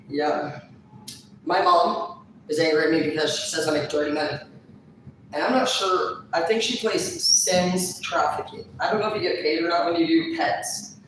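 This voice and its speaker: A woman's voice: low voice, a little slow, long pauses, noisy background. Woman, vlogger, crude and profane, rambling casual talk, heavy room echo, distant mic. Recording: echoey room, far from mic.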